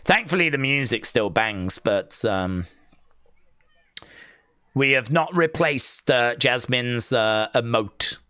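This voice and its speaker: A man giving excitable, jokey play-by-play on a live wrestling watch-along and reading viewer comments aloud. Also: medium pitch, slow pace, clear, resonant tone, dry recording, clean studio sound.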